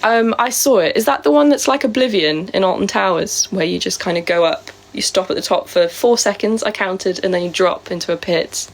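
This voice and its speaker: A woman's voice: mid-range voice, fairly quick, hardly any pauses. Chatty woman live streamer. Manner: chatty and rambling, with many fillers. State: sore throat. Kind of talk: casual live-stream chat answering viewer comments.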